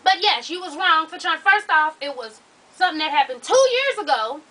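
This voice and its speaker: A woman reading a viewer's letter aloud and giving blunt, sassy advice, swearing freely and breaking into loud exclamations. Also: high-pitched, expressive, moderate pace, distant mic, rough recording. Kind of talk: casual advice vlog.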